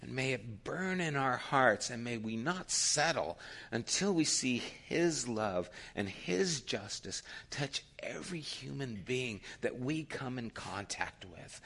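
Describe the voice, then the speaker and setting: A middle-aged male pastor delivering a sermon, swinging between loud passionate urging and hushed near-whispers. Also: medium pitch, lively intonation, slow pace, gravelly.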